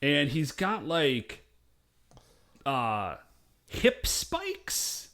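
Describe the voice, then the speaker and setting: A man co-hosting a podcast, chatting loosely through an episode recap. His voice sits a little high and swings widely in pitch. He rambles and drops quoted asides as he goes. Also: wildly swooping pitch, very slow, a bit bright. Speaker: podcast co-host. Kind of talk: casual episode recap chat.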